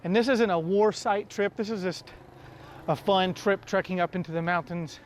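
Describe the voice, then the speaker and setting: This high-pitched man from the United States is vlogging outdoors, speaking at a moderate pace over a slight hiss or hum. His casual talk to camera wanders, with self-corrections and light laughter, and he's slightly winded.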